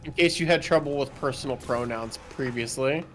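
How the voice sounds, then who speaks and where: A man's voice: medium pitch, brisk, soft background music. A man playing a co-op game, bantering casually with dry quips and easy agreement. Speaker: gamer playing co-op. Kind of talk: casual gaming chat.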